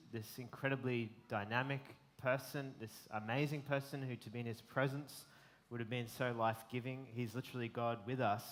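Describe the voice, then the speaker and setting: A man's voice: medium pitch, fairly bright tone. Earnest man preaching a sermon. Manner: earnest, reflective, frequent ums. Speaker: pastor.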